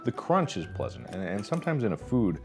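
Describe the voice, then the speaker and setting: A man's voice: lowish voice, wildly swooping pitch, a little fast, vocal fry, soft background music. A man in his thirties hosting a casual snack review, joking and rambling, sometimes talking with his mouth full. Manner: jokey, rambling, talks while chewing.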